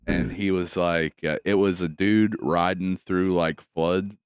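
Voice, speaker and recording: A low, smooth male voice, swearing freely as he spins animated stories in relaxed podcast chat. The sound is close and dry. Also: measured pace, no room sound. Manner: profane, animated storytelling. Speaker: podcast co-host. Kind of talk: casual chat.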